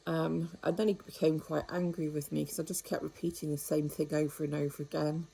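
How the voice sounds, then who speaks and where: A retired woman chatting away to her camera, wry and rambling, with a fairly low, mellow voice. Her tone is relaxed and warm rather than bright. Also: fairly quick, vocal fry, a little hiss or hum, rough recording. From United Kingdom. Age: older. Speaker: vlogger. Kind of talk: casual monologue.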